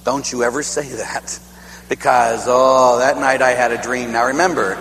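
Middle-aged priest preaching in an echoey hall. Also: male voice, mid-range voice, normal speed. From Pittsburgh, USA. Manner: animated, laughing, swings from loud to hushed. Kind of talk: storytelling sermon. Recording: echoey hall with faint hum.

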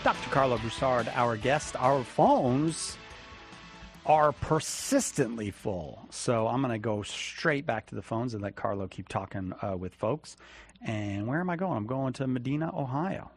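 A man's voice: mid-range voice, expressive, a little slow, faint music behind. A man hosting a call-in radio show who takes callers in a jokey, self-deprecating way. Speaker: radio host.

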